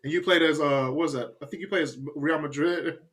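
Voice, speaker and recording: A man's voice: fairly high pitch, brisk, fairly bright tone. A young man co-hosting a casual chat, joking and acting out his own reactions. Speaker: podcast co-host.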